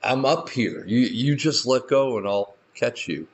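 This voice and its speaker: A man voicing God speaking from above, slow and reassuring, in a lowered voice. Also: animated. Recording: muffled lo-fi recording.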